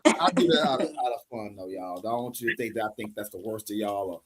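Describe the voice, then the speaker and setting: A man's voice: fairly low pitch, fast talker. A man teaching a live online congregation, teasing and scolding members in fun, then rambling on.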